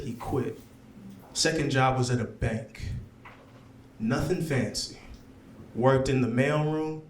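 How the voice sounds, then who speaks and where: A man performing a stand-up set in a lounge, telling stories with lots of check-ins to the crowd. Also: medium pitch. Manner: animated storytelling with frequent check-ins to the crowd. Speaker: stand-up comedian. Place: comedy lounge with live audience. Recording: echoey club, faint room noise.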